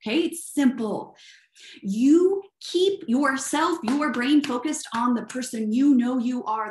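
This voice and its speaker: A middle-aged woman with a Southern US accent and a high-pitched voice, giving an earnest motivational talk as a life coach. She asks rhetorical questions and often tags on "right?". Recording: echoey room.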